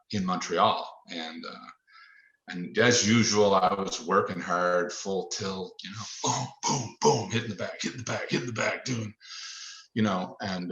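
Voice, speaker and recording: A man's voice: low voice, bright, forceful tone, reverberant, muffled recording. A man in his fifties from Nova Scotia, a former football player telling stories in a podcast interview, rambling with many restarts and fillers. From Nova Scotia, Canada. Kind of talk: reflective storytelling in a podcast interview.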